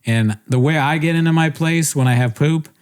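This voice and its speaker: A man's voice: on the high side, normal speed, clear, resonant tone. A young man on a podcast telling a rambling story in casual chat, interrupting himself and laughing often. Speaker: podcast co-host.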